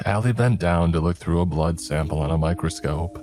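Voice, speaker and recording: A man narrating a first-person horror story in a measured, low-key way. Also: darkish tone, faint music behind.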